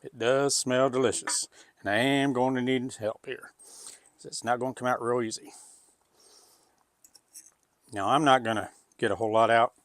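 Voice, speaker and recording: A man's voice: mid-range voice, steady tone, moderate pace, long pauses, fairly bright tone, dry recording. Folksy man chatting in his kitchen. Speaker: cooking channel host. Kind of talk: casual cooking video chat. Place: home kitchen.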